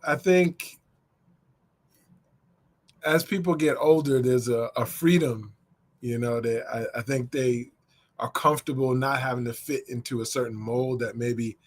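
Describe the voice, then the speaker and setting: A man speaking as a guest on a talk show, reflective and measured as he works through his thoughts. His pitch is ordinary, in the middle range. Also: fairly even intonation, husky. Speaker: guest, social work professor. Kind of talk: interview conversation.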